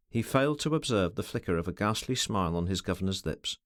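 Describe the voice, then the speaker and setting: A male audiobook narrator tells a classic story in a measured, expressive manner. His pitch moves widely through each sentence, and the recording is dry and close with no room sound. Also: no echo. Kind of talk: scripted narration of a classic novel.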